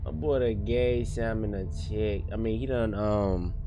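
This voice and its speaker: A young man streaming a horror game, jumpy and excitable, talking in slang to his chat. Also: on the low side, a little slow, dull audio, music in the background. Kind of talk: live horror gameplay commentary.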